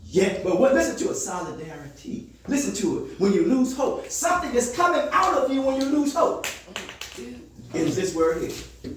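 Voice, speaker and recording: A man's voice: extremely high pitch, sing-song, normal speed, a little hiss or hum. A man counseling a group in a motivational call-and-response style, asking leading questions for the listeners to finish and often raising his voice for emphasis. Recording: echoey room, far from the mic.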